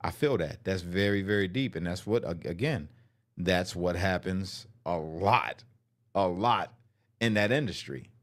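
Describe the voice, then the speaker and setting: A man's voice: low voice, a little slow. Blunt slangy man commenting on a clip. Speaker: host reacting to a clip. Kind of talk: casual commentary.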